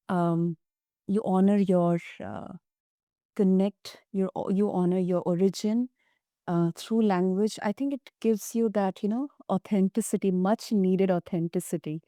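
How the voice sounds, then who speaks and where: A woman hosting an interview over a video call, halting and searching for her words. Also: mid-range voice, warm tone, dry recording, clean studio sound. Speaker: podcast host. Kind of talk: conversational interview.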